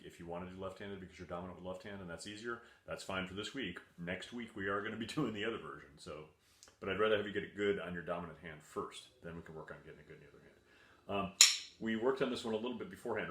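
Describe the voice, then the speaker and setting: Male percussion teacher, very low, forceful voice; patient, counts beats aloud; roomy echo. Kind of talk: home video music lesson for children. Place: room at home. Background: faint drumming on a table and books.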